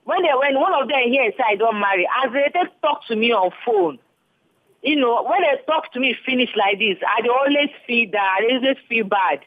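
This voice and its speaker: A woman's voice: on the high side, lively intonation, moderate pace. Lady calling in on a thin phone line, just chatting away about her own story. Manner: chatty, telling a personal story in Pidgin mixed with English. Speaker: caller.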